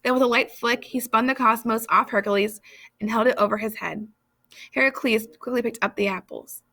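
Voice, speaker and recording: A woman reading literary passages aloud in a measured, expressive way. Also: fairly high pitch. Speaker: reader.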